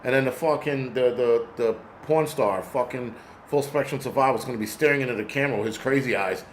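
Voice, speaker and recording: A man's voice: mid-range voice, brisk, a little hiss or hum. A man hosting a casual vlog who rants angrily and bluntly, with plenty of profanity. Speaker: host.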